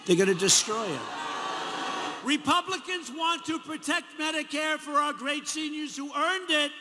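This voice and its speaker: Speaking slowly in an extremely high voice, a man in his seventies with a New York accent rambles through a campaign rally speech. As a politician working a large arena, he repeats himself and mocks as he goes, and the room echoes with faint crowd noise behind him.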